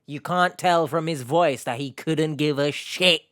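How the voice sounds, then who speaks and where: A man's voice: on the high side, a little slow, very noisy. A man giving sarcastic, exasperated reaction commentary on a video clip.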